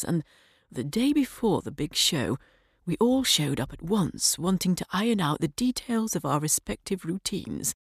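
Low, dry-voiced woman reading a story. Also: dry recording. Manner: measured first-person storytelling, dropping to a soft whisper at times. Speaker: audiobook reader.

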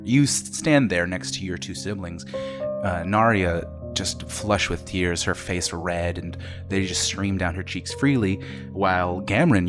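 A man narrating as game master for a tabletop game, rambling with many fillers and restarts. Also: low-pitched.

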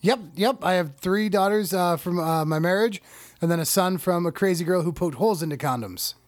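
A man guesting on a podcast as a comedian, joking with deadpan dad humor and casual swearing. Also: sits high, a little fast, dry recording, clean studio sound.

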